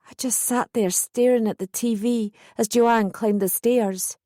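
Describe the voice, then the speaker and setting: A woman reading a first-person audiobook in measured, steady scripted narration. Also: on the high side, no echo, clean studio sound.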